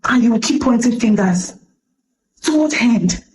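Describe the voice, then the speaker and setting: A woman's voice: fairly high pitch, lively intonation, unhurried, a little mellow, slight background noise, rough recording. A young Nigerian woman with a Nigerian accent, giving a passionate, emphatic commentary that pleads urgently with her listeners.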